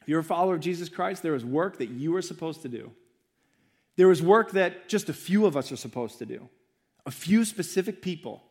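A young adult man, a pastor, preaching a sermon in church, earnest and building emphasis through repetition. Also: fairly high pitch.

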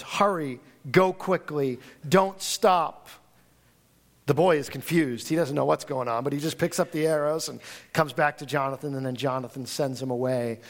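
A man preaching a sermon, reading scripture aloud and retelling the story in an animated, conversational way with frequent restarts. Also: medium pitch. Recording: audio recording of a talk.

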